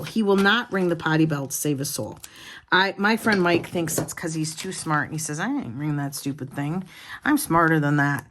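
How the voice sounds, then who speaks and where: Chatty woman vlogger, kinda low voice, rambly, lots of restarts and side tangents. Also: a bit bright. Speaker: planner vlogger. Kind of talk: casual chat to viewers.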